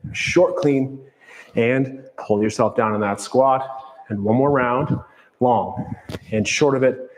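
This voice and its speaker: A man fitness instructor explaining kettlebell moves calmly during a follow-along workout. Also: medium pitch, big-room sound. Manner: calm, explanatory coaching cues.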